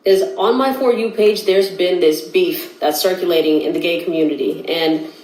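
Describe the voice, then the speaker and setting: A woman's voice: fairly low pitch, normal speed, darkish tone. A woman ranting on social media, speaking to viewers in an exasperated, sarcastic and direct way. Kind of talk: opinionated social media rant. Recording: echoey room.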